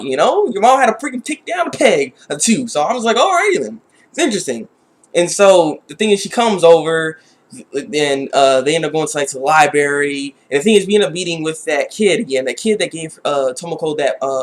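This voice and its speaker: Male reviewer with a high voice. Rambling, casual, frustrated delivery. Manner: rambling, many restarts and "like"; exasperated. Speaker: anime reviewer.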